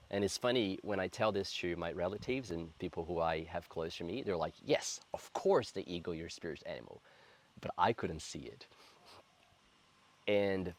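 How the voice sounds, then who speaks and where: Low-voiced earnest man in his thirties. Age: 30s. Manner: earnest, reflective, slow and heartfelt. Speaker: spiritual coach. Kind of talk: personal spiritual storytelling to camera.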